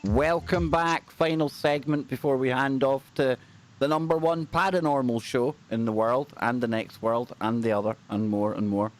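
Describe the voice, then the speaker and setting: A man's voice: mid-range voice, fairly even intonation, moderate pace. Chatty Scottish man co-hosting. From Scotland. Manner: chatty, upbeat, repeats himself for emphasis. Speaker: co-host of a paranormal livestream. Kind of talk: casual livestream chat.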